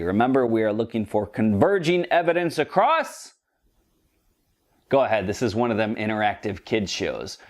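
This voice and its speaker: A man giving a playful statistics video lecture, joking and talking straight to his viewers. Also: mid-range voice. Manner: jokey, chatty, addresses viewers directly. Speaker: statistics educator. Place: goes outdoors to a duck pen.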